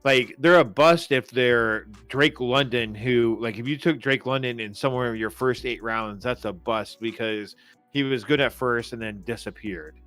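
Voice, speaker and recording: A man's voice: mid-range voice, moderate pace, fairly bright tone, no room sound, faint music behind. A man co-hosting a podcast in casual chat, eager and cutting in to make his point. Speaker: podcast co-host.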